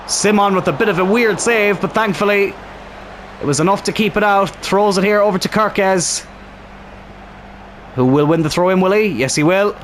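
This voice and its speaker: A young man commentates his own football video game match, getting excitable and swearing at the screen with a strained throat. His voice sits high, and there's a little hiss or hum.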